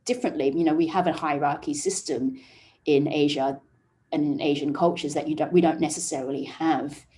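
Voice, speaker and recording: Podcast guest: woman, low warm voice, earnest and reflective, self-correcting often. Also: fairly even intonation, brisk. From Vietnamese family raised overseas. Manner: earnest, frequent "you know" and restarts. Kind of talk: podcast interview.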